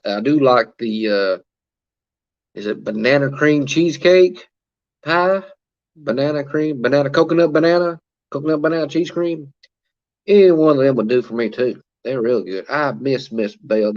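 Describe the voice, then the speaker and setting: A man chats casually on a livestream, reading viewer comments aloud and filling pauses with "uh." His voice sits at an ordinary pitch for a man. The audio is dull and lo-fi. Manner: chatty, reads comments aloud, many fillers. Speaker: livestream host reading chat. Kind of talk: casual live-chat talk.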